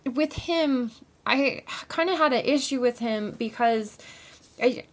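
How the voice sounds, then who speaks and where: A woman's voice: fairly high pitch, slow. A woman guesting on a casual movie podcast, chatty and full of "like" fillers.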